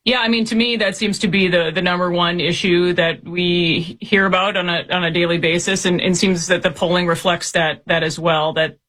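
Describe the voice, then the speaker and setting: A man in his forties, a reporter from Minnesota, answering interview questions quickly with many restarts and fillers. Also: sits high, little pitch movement, pushed and bright. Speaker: reporter guest. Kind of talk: political interview.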